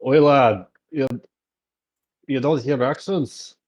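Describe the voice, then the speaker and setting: A man voicing a gruff, whiskey-loving fighter who talks loudly. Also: medium pitch, slow, pitched above the performer's own voice. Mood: indignant. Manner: loud and blustering.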